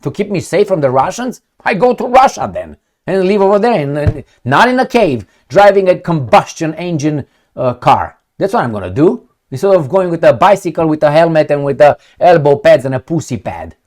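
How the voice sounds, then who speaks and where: Lively emphatic male commentator. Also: a little high, normal speed. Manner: emphatic, sarcastic, rhetorical questions. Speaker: political commentary host. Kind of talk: opinionated solo commentary.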